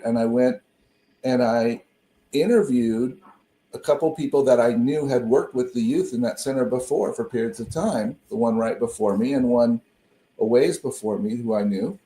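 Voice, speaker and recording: A man's voice: medium pitch, normal speed, warm tone, roomy sound. A male minister co-hosting, telling stories in a loose, rambling way with many restarts over a video call. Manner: rambling, self-interrupting storyteller. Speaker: co-host and minister. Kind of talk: casual conversation on a call.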